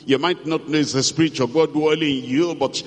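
A man preaching a sermon, slow and emphatic, repeating key phrases and reading scripture aloud. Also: a little high, steady tone. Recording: long hall reverb.

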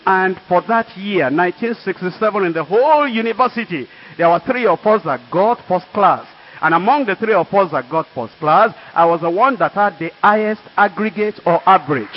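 An older Nigerian man tells his testimony from the pulpit, earnest and emphatic. His voice sits high for a man. The recording is dull and lo-fi. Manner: earnest storytelling with emphatic asides. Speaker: preacher. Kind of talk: sermon testimony.

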